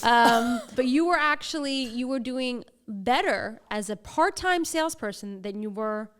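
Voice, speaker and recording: A woman co-hosting a podcast, prompting her guest with brisk questions and teasing asides. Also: fairly high pitch, fairly bright tone, clear, resonant tone. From New Jersey. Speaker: podcast co-host, brokerage owner. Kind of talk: casual interview.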